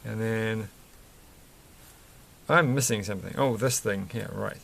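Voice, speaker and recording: A man's voice: on the low side, a little slow, vocal fry, fairly bright tone, a little hiss or hum. A man chatting casually and rambling while he builds a toy set, chuckling often and breaking off mid-sentence. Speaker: vlogger building Lego sets.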